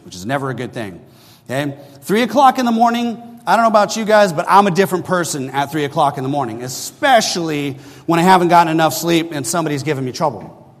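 A middle-aged man preaching a sermon, telling a personal story in a conversational way and often checking in with the listeners. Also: fairly high pitch. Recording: long hall reverb.

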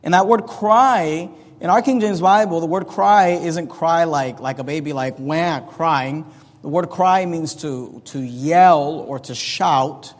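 In a large hall with long reverb, a male pastor preaches slowly, teaching in an earnest, plain manner and often restarting his phrases. His voice is pitched slightly higher than most men's.

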